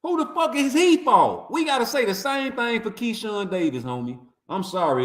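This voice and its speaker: A man's voice: high voice, expressive, normal speed, few pauses, fairly bright tone, roomy sound. A man, delivering a profane, mocking, heated boxing rant. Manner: trash-talking, mocking, heated. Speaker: boxing commentator.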